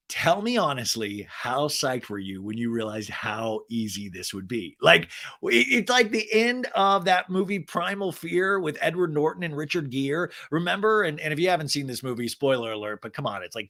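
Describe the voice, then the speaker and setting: A man hosting a podcast, recapping reality TV in an animated, profane, rambling way. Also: mid-range voice. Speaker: podcast host.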